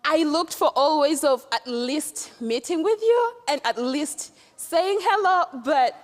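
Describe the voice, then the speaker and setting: A young Ugandan woman in the audience asking a comedian a question, halting and emotional with many fillers. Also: high-pitched, expressive, big-room sound. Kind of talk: nervous excited question.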